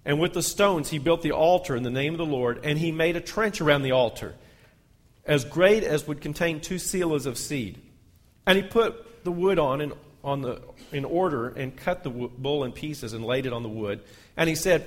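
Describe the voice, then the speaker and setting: A man's voice: on the high side, brisk. A male pastor, reading scripture aloud in a sermon and lifting his voice on the quoted lines. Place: church sanctuary. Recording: long hall reverb.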